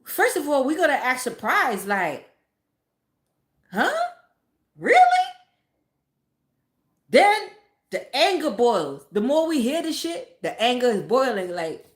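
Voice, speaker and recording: Female vlogger, slightly high voice, blunt and profane, casual rant; roomy echo. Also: big pitch swings, moderate pace. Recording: echoey room.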